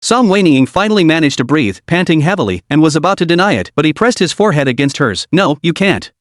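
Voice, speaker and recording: A man narrating a recap of a comic story in a steady, even reading. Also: fairly high pitch, quick pace, no room sound, studio quality.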